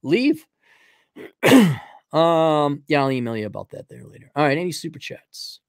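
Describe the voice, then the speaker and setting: A man's voice: on the high side, normal speed, gravelly, clean tone, dry recording. Blunt, rambling man on a dry mic. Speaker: livestream host. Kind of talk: casual opinionated monologue.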